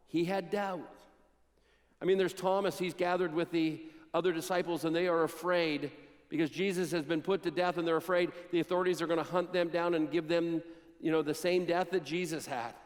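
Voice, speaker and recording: A man preaching a sermon, retelling Bible stories and acting out the quotes with dramatic pauses. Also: high-pitched, in a large hall. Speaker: pastor. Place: church sanctuary.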